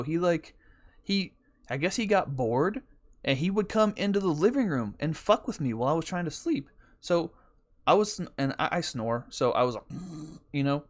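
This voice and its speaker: A man hosting a podcast, telling a rambling, profane story in a casual way. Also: a little high. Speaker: podcast host.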